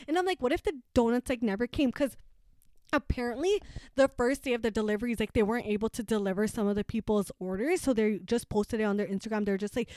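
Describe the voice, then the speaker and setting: High-voiced young woman telling a story. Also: clean tone, no room sound, studio quality. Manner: animated, acts out quotes, laughs often. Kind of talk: casual chat.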